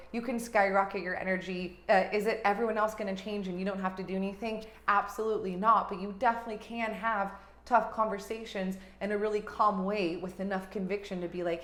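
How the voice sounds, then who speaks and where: Gushing motivational woman, roomy echo. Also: medium pitch. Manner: energetic, gushing, swings between loud and hushed. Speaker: life coach and podcast host. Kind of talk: motivational monologue.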